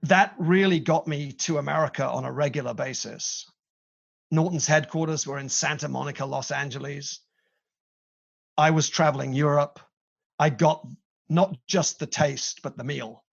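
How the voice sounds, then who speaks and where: A middle-aged British man, a company chief, telling his career story in an animated way with playful asides. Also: a little high, normal speed, gravelly, dull audio. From Britain. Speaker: company CEO, guest. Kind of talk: conversational interview.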